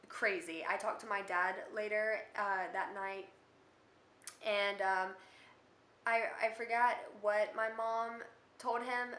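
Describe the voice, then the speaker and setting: A young woman tells a rambling storytime vlog in a bright, forceful voice, full of filler words. Her voice rings around an echoey room. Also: medium pitch. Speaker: vlogger.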